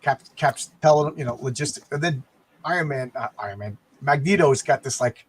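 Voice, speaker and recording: A man with a mid-range voice co-hosts a casual comic book discussion, speaking a little fast. He rambles and often repeats words as he thinks, with a little hiss or hum in the audio.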